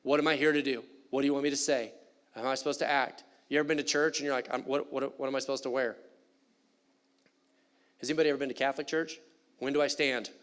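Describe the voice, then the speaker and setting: A man preaching a sermon in a church, animated and conversational with playful asides. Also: mid-range voice, fast, smooth. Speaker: pastor. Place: church sanctuary.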